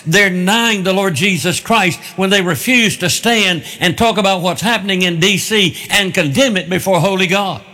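A man's voice: high-pitched, moderate pace, few pauses, sharp tone, big-room sound. A man preaching a sermon with emphatic, repeated phrases.

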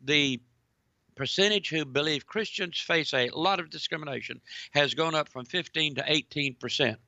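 A man's voice: fairly high pitch, moderate pace, gravelly, dry recording, lo-fi sound. A man delivering emphatic, preachy commentary, reading news articles aloud and addressing listeners directly. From United States. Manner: preachy, emphatic, repeats "ladies and gentlemen".

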